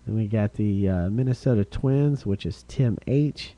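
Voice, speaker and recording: A man hosting a live-streamed card break, calling out each card and who gets it, getting excited over rare hits. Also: fairly low pitch, measured pace. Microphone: streaming setup.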